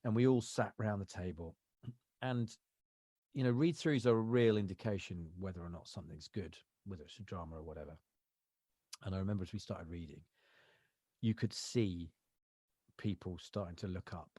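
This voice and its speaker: A man's voice: low-pitched, normal speed, long pauses, dark tone, slightly rough, no echo, clean studio sound. A man, an actor telling rambling anecdotes as a podcast guest. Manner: rambling anecdotal storytelling, lots of fillers. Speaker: actor and voiceover artist, guest. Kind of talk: casual interview chat.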